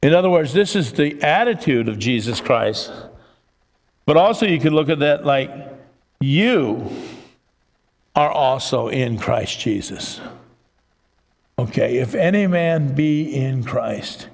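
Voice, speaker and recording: Preaching pastor with gravelly voice. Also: male voice, medium pitch, slow pace, pauses often, long reverb tail. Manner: expository preaching, rising to excited emphasis. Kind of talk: sermon.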